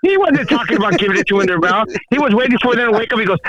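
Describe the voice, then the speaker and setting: A man's voice: high-pitched, lively intonation, rapid-fire, few pauses, dull audio, crowd noise. A man chatting casually on a podcast, rambling and joking with frequent restarts. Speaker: podcast co-host calling in from the road.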